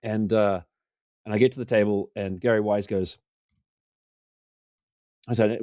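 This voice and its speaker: A man in his forties, a podcast guest, telling casual stories in a self-deprecating way and getting animated when he quotes other people. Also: lowish voice, brisk, pauses often, no echo, clean studio sound. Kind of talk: casual storytelling interview.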